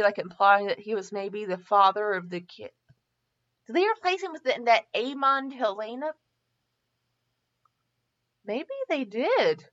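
A woman reading fanfiction aloud and then reviewing it in a rambling, giggly, animated way, in a slightly muffled home recording. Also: high voice.

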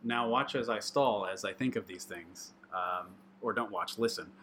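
A man chatting as a podcast guest, halting and animated, with lots of fillers and laughter. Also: fairly low pitch, a little hiss or hum. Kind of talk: casual chat.

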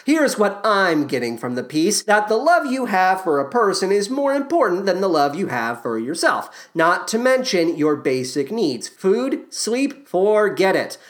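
A woman's voice: mid-range voice, big pitch swings, measured pace, hardly any pauses. A woman hosting a podcast and giving commentary on a musical, with a dry, sardonic manner. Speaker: podcast host.

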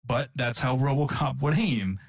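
A man's voice: medium pitch, moderate pace, vocal fry. A man co-hosting a casual gaming podcast, rambling and filling his talk with "like" and small chuckles. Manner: rambling, full of fillers and chuckles. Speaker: podcast co-host. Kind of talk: casual chat about video games.

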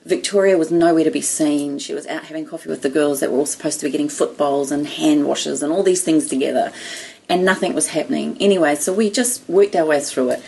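A woman telling a story in casual chat, animated, laughing often and acting out the people in it. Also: low voice, fast talker, gravelly, slightly rough. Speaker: guest storyteller.

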